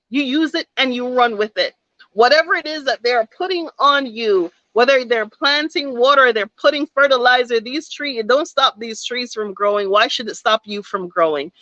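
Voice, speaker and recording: A woman's voice: fairly high pitch, a bit bright, no room sound. A woman in her thirties giving an emphatic, preachy motivational talk with folksy asides. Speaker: motivational speaker. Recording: dull, dry lo-fi sound.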